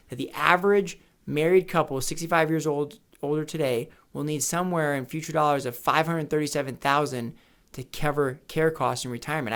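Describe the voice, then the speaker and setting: A man advising on retirement, speaking emphatically, repeating key questions and telling anecdotes to make his point. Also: fairly high pitch. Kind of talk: educational talk to camera. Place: office or home studio. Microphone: camera mic with studio lights setup.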